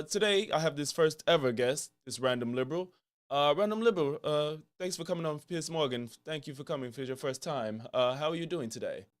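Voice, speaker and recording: A man's voice: a little high, pitched below the performer's own voice, close to an everyday voice. A man putting on a shaky British accent to play a smug, bombastic pro-Trump TV host who talks over his guest in a parody sketch. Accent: attempted British.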